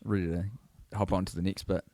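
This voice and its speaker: A man's voice: sits low, little pitch movement, fast, a little mellow, dry recording, studio quality. A man co-hosting a podcast in casual chat, riffing playfully in long rambling runs. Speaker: podcast co-host.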